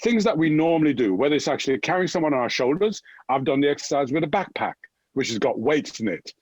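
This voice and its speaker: As an upbeat fitness guest, a man from Jamaica talks fast with a Jamaican accent and a slightly rough, high-leaning voice. His energetic motivational chat is full of points tagged with "right?", and there's no room sound.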